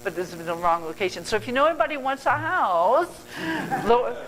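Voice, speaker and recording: A woman's voice: on the high side, animated, fairly quick, noisy background. An older woman giving a motivational talk as a guest speaker at a club meeting. She speaks earnestly, rambles and corrects herself mid-sentence.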